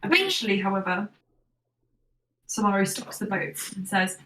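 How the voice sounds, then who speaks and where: A woman narrating as game master of a tabletop game in a relaxed, casual way. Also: mid-range voice, normal speed, a little hiss or hum. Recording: echoey room, far from mic.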